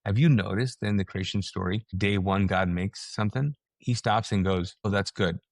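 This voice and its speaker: A man's voice: normal speed, creaky, no echo. A man, a pastor and author, talking as a guest in a casual, preaching way and acting out quoted reactions. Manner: energetic, acts out quoted reactions with rising pitch. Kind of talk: animated conversational preaching.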